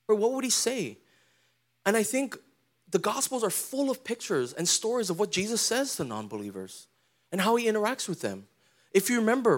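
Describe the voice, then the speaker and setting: A man preaching a sermon as pastor, in a casual, conversational way with slangy asides, often putting questions to the congregation. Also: high voice.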